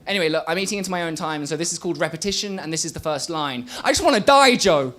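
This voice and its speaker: A young man performing a spoken word poem on a small stage, rhythmic, swinging from loud bursts to quiet murmurs. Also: a little high, very fast. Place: small live venue stage.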